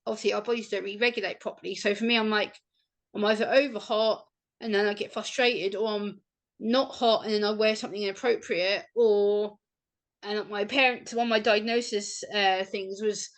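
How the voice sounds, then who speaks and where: A woman, a podcast guest, telling personal stories in a casual, animated way and acting out remembered dialogue. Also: medium pitch, normal speed. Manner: animated, acts out remembered dialogue in lively voices. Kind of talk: casual conversation, personal storytelling.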